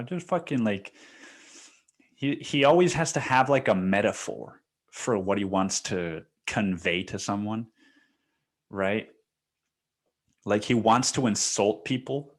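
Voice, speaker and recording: A man's voice: on the low side, slow, long pauses. A male podcast host telling a story in a casual, profane way, laughing often and saying "dude" a lot.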